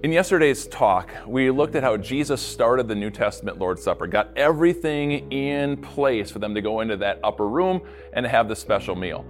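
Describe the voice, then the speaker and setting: A male pastor gives a devotional podcast talk and tells the story in an animated way. His pitch swings widely as he acts out the lines he quotes. Faint music plays under his voice. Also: moderate pace, few pauses.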